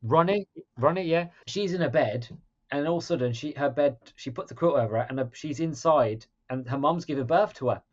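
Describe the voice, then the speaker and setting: A man co-hosting a podcast in casual chat, retelling scenes with lively acted-out quotes. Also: fairly high pitch, a little fast, lo-fi sound. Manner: animated, acts out scenes in quoted voices. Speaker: podcast co-host.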